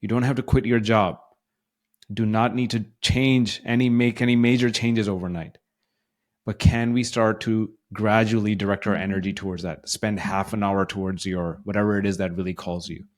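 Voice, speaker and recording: A man's voice: on the low side, steady tone, moderate pace. A man co-hosting a podcast who works as a coach, giving encouraging, motivational advice in a casual conversation. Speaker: podcast co-host and life coach.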